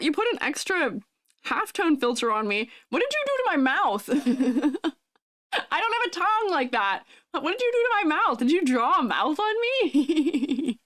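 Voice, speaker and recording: Bubbly woman streamer, higher voice that bounces around, dry close sound. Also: fairly bright tone, no echo. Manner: giggly, bubbly, reads chat aloud. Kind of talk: casual livestream chat.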